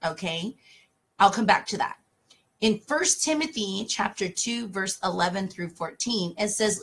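A woman hosts a casual talk about scripture in a somewhat husky voice. She speaks emphatically and with passion, reading verses aloud between her own remarks. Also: medium pitch, expressive, unhurried, fairly bright tone. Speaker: talk show host.

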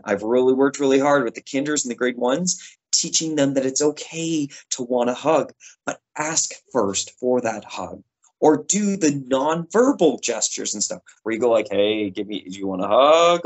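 A man teaching a lesson to children. His voice sits at an everyday middle pitch. He talks in a chatty, lively way and acts out little example phrases along the way. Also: husky, low-quality recording. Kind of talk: classroom lesson for kids.

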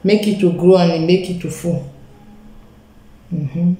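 A woman's voice: fairly low pitch, steady tone, slow, long pauses, mellow, echoey room, a little hiss or hum, poor audio. A woman with a Nigerian accent gives a live makeup tutorial, talking straight to her viewers and mixing Pidgin into her English. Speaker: beauty vlogger.

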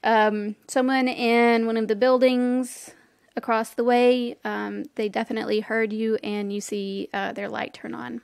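Giggly woman game master, fairly high voice. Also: flat delivery, a little slow, gravelly, a little mellow, clear, resonant tone, dry recording, studio quality. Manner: casual, giggly, many fillers. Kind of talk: narrating a tabletop game.

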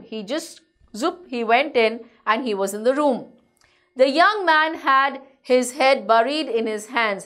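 A young adult woman teacher who reads a story and explains each line in simple, chatty words. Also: fairly high pitch. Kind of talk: reading a story and explaining it to a class.

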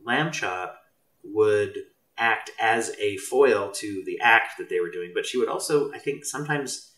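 On the low side and unhurried, this man's voice sounds pushed and bright. A mental health professional, he is a guest in a relaxed conversation, speaking in a thoughtful, wandering way, recorded far from the mic in a roomy space.

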